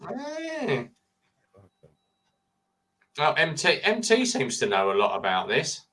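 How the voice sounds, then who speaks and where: Slow, pushed and bright, this fifty-something stream host's voice runs on the high side and swoops wildly in pitch. He's hosting a relaxed late-night live chat with friends, rambling jokily and slipping into goofy voices during a story.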